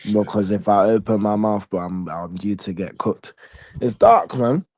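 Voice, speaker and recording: A man's voice: fairly low pitch, moderate pace, a little mellow, dry recording. A man ranting animatedly in casual podcast banter, full of street slang. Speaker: podcast co-host.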